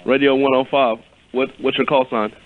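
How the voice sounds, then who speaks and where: A man's voice: mid-range voice, level tone, normal speed. A man taking a prank call, irritated and dismissive. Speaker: call recipient. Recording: phone line.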